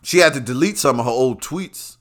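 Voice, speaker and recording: A brash man from Brooklyn hosts a podcast in a loose, profane monologue. His voice sits in a middle pitch. He drops into low mutters and then jumps up into loud, emphatic outbursts. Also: expressive, brisk. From Brooklyn, New York. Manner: brash, loud and rambling, swings between soft asides and shouts. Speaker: podcast host. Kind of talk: profane casual commentary monologue.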